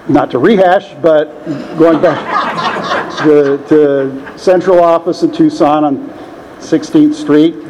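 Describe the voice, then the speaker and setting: A man's voice: fairly high pitch, a little mellow, slight background noise. An older man telling a rambling, self-deprecating personal story at a meeting, chuckling often. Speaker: meeting speaker. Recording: dull lo-fi room recording.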